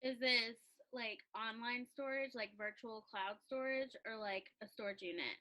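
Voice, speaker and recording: Bright, chatty young woman. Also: fairly high pitch, moderate pace, low-quality recording. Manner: chatty, laughing, lots of "like". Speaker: calligraphy business owner, interviewee. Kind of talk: casual interview chat.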